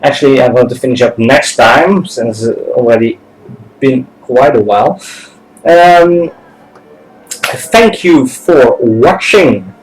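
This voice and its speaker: Guy narrating his game playthrough, laid back, lots of ums, mid-pitched voice. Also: slow pace, low-quality recording. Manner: relaxed, hesitant, with fillers. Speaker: let's play host. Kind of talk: casual gameplay commentary.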